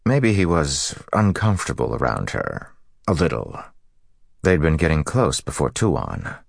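A man narrating an audiobook in an even, measured reading. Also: rumbling low, creaky, a little hiss or hum. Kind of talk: scripted narration.

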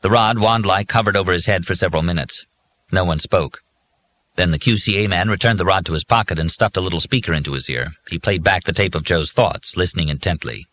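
A man narrating an audiobook in a measured, even storytelling manner. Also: deep voice. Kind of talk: scripted narration.

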